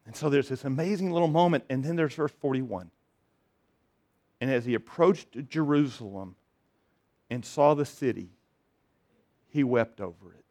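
A middle-aged man preaching a sermon in an earnest, conversational way, stumbling and restarting, swinging between loud declarations and quiet moments. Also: medium pitch, moderate pace, pauses often. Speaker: pastor.

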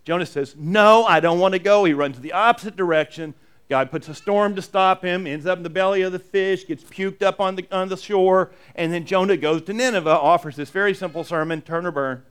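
Man, pastor, conversational sermon, emphatic, high-pitched, smooth resonant voice. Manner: emphatic, frequently asks "right?" to the congregation; reads scripture aloud slowly and expressively.

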